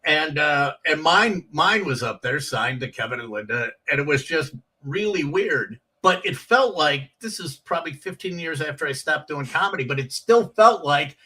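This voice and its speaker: Bright-voiced middle-aged comedian telling stories. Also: male voice, on the high side, animated, moderate pace, few pauses, recorded from a distance. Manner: rambling anecdotes with acted-out quotes. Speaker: guest comedian. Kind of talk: storytelling in a chat show.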